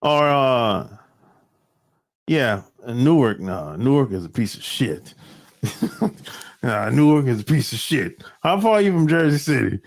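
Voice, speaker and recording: Slow-talking, animated, profane man. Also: medium pitch, creaky. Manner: rambling and profane, laughs often. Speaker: livestream host. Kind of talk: casual chat with viewers.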